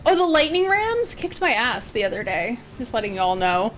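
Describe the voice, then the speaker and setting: A woman's voice: a little high, big pitch swings, normal speed, background noise. A woman from Massachusetts giving casual, rambling commentary while streaming a game. She laughs often.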